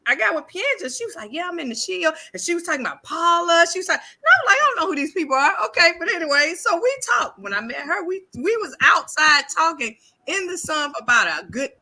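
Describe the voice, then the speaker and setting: Lively high-voiced woman telling a story. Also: fast talker, hardly any pauses. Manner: animated storyteller, acts out quotes, laughs often. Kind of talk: casual chat.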